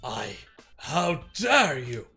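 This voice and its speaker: A streamer voicing a hot-tempered middle-aged male theater director in a nasal voice, slow and snapping while reading a game aloud. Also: medium pitch, sing-song, creaky, pushed and bright, faint music behind, voice pushed down, full character voice. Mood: indignant. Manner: angry, slow, pompous snapping.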